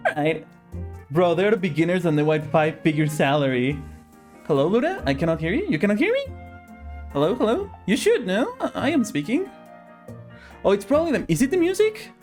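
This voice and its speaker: A man's voice: sits high, sing-song, normal speed, pauses often, darkish tone, faint music behind. A man streaming himself playing a game, chatting casually and haggling jokingly with the characters on screen. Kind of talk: casual live-stream commentary while gaming.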